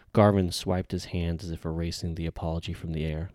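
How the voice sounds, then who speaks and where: Deep, dark-voiced male audiobook narrator. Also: little pitch movement, brisk, no echo, clean studio sound.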